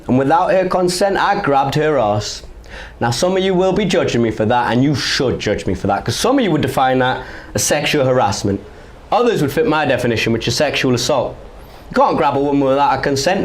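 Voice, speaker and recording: Brief: English man doing stand-up, storytelling with crowd asides, slightly high voice. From England. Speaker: stand-up comedian. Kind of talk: stand-up set.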